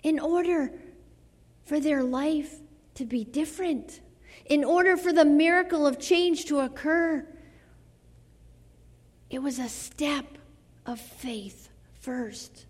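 A woman with a high voice preaches a sermon in a slow, deliberate rhythm. Her delivery is dramatic, sinking to hushed phrases and then lifting into fervent calls. The sound carries a long reverb from a large hall. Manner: slow, dramatic delivery with soft drops and rising exclamations.

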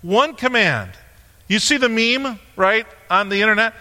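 High, bright-voiced pastor in a reverberant hall. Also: male voice, expressive, normal speed. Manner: conversational, joking aside with a helper on stage. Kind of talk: sermon with props. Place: church sanctuary. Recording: long reverb of a large hall.

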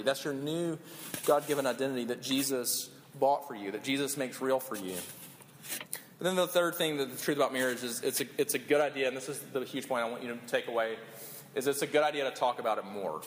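A man's voice: mid-range voice, a bit bright. A man preaching a sermon as pastor, earnest, often repeating words as he builds his points. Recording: long hall reverb, faint room noise.

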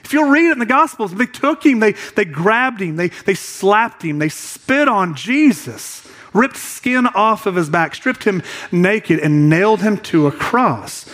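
Animated high-voiced man preaching. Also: a little slow. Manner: animated, conversational preaching with stammered repeats. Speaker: pastor. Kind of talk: sermon.

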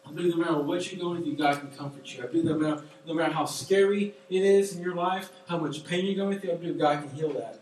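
A man's voice: on the high side, fast talker, hardly any pauses, a little mellow, a little hiss or hum. A young man preaching a casual, emphatic sermon and telling a story from his own life. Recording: very echoey room, voice from far off.

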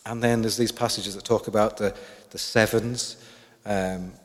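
A man's voice: fairly low pitch, steady tone, measured pace. A man preaching a sermon, thoughtful, asking his listeners many questions. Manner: reflective, asks the congregation questions. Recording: long hall reverb.

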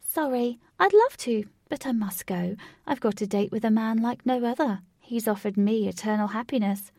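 A woman's voice: fairly high pitch, moderate pace, darkish tone, no echo, clean studio sound. A woman reading aloud, voicing a breezy, dismissive young princess in a storybook.

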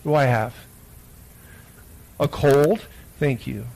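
A man's voice: mid-range voice, takes it slowly, vocal fry, a little mellow, poor audio. A man preaching a children's sermon in church, reading scripture and then asking the children playful questions. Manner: playful, asks the listeners many questions. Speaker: pastor.

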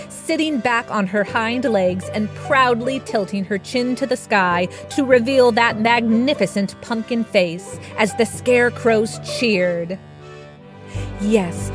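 A woman reads a children's storybook aloud at an unhurried, leisurely pace. Her voice sits at a middle pitch and she keeps the telling expressive, with clear music playing underneath. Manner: expressive, puts on character voices. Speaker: author and narrator. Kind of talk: storybook narration. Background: background music.

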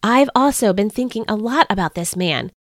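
A woman voicing a worried male council member who speaks in hushed, confiding tones. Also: medium pitch, animated, moderate pace, no room sound, studio quality, lightly acted.

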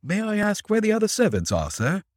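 A man's voice: mid-range voice, very animated, normal speed, dry recording, clean studio sound. Shrewd detective posing as a servant, read by a man, twangy and deferential. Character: shrewd male detective posing as a Yankee coachman.

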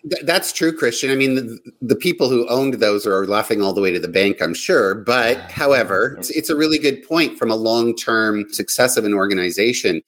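A man in a casual panel discussion, explaining business ideas in a measured way. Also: medium pitch, animated, fairly bright tone, rough recording.

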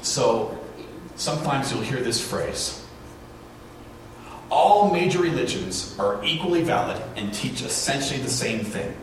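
A man's voice: medium pitch, expressive, a little slow, recorded from a distance, slight background noise. Man preaching in a big echoey hall. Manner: conversational storytelling with rhetorical questions. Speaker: pastor. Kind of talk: sermon.

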